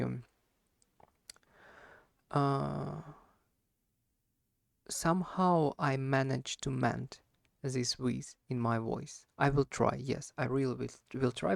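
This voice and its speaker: This language learner, not a native English speaker, practices speaking on his own, stumbling through fillers and correcting himself often. There's a slight harsh wheeze in his creaky, mid-range voice, captured at studio quality with no room sound.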